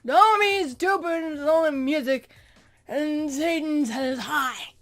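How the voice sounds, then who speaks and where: A woman putting on the voice of an aging male British rock star, shouting slowly and drawing the words out. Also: high-pitched, faint music behind, voice pushed up. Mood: scolding. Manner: loud, slow, drawn-out shouting.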